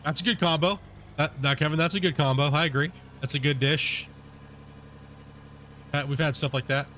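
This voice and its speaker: A man streaming a game, chatting casually with his viewers in a relaxed, rambling way full of fillers. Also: fairly high pitch, moderate pace, a little hiss or hum. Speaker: gaming streamer. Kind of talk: casual chat with live viewers while playing.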